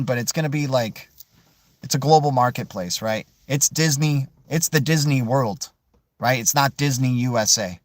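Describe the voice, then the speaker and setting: A man hosting a casual crypto livestream, answering viewer questions in an animated, emphatic way and tossing in "dude" and "man". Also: mid-range voice, normal speed, no echo. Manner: animated, peppers speech with "right?", "dude" and "man"; emphatic, swears mildly for emphasis.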